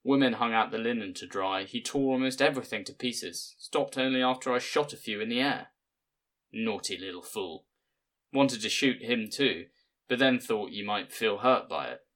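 A man narrating an audiobook in a measured, plain storytelling manner. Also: medium pitch, fairly bright tone.

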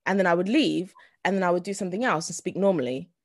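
A woman's voice: on the low side, dry recording, studio quality. Chatty giggly woman on a podcast. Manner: chatty, giggly, quick asides. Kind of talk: casual podcast chat.

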